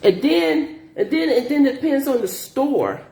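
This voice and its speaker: With a high-pitched voice at normal speed, a middle-aged grocery delivery shopper tells vlog stories in an echoey room. She vents about rude customers, animated and exasperated, and keeps repeating herself.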